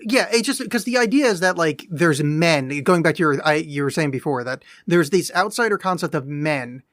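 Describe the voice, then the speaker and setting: A man's voice: a little high, lively intonation, normal speed, fairly bright tone, no room sound, clean studio sound. A man co-hosting a podcast in casual chat, blunt and profane, with an exasperated edge. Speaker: podcast co-host.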